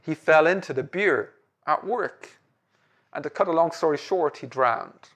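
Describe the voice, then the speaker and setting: A somber male factory manager delivers bad news in a quiet, solemn tone, as a man tells him in a joke. The voice stays close to his own. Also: a little high, expressive, a little slow, full character voice.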